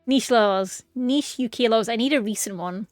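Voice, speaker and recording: A woman's voice: fairly high pitch, normal speed, no room sound, studio quality, faint music behind. A woman chatting casually and rambling playfully on a game stream, giggling often. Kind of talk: casual gaming stream chat.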